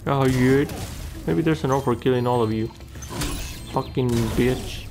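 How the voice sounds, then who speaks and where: A man's voice: mid-range voice, normal speed, creaky. A man giving casual gameplay commentary, muttering, swearing and talking back to the characters on screen. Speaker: let's play gamer.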